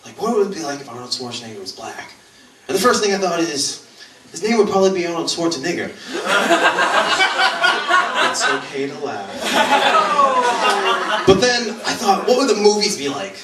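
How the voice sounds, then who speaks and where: Male stand-up comic with a lively pitch and a deadpan delivery, recorded in a roomy club from a distance. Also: moderate pace, pauses often, a little hiss or hum. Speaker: stand-up comedian. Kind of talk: stand-up routine. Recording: echoey club room, mic heard from a distance. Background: audience laughing.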